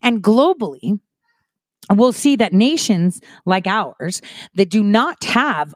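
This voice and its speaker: Woman commentator, animated casual monologue, mid-pitched, close and dry. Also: dry recording. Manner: animated, quick shifts from soft asides to emphatic rises. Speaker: online commentator.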